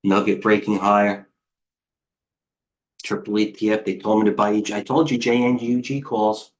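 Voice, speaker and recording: A man coaching traders live, rambling quickly from one stock to the next and growing excitable as he goes. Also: on the low side. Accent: American. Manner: rambling, excitable, jumps between tickers. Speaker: trading coach. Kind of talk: live market commentary.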